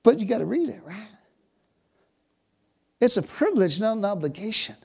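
American guy preaching, kinda gravelly, goes from whoa glory shouts to whispers. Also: high voice, big pitch swings, normal speed. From United States. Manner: exclamatory, bursts of shouted praise and sudden hushed whispers. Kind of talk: sermon.

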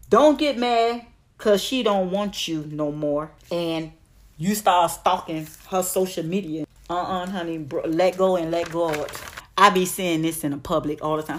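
A woman's voice: fairly low pitch, unhurried. Blunt, sassy woman ranting advice. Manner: blunt, sassy, profane, keeps calling listeners "honey". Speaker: advice vlogger. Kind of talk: casual advice rant to camera.

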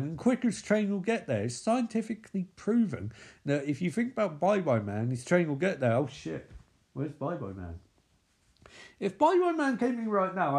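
A man giving sweary, excitable running commentary on a movie. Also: sits high, breathy edge.

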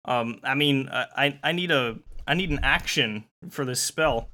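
Bright-voiced male game master. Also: medium pitch, normal speed. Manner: playful, hesitant narration with fillers. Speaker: game master and game show host. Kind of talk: narrating a comedic dungeon game show.

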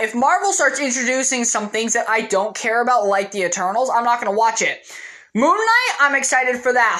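A woman talks through her movie opinions in a loose, off-the-cuff monologue. She is frank and opinionated and leans on plenty of "um" and "you know," with the odd swear word. Her voice sits a little higher than most. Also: sharp tone. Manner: candid, opinionated, frequent fillers and swearing. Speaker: movie commentator.

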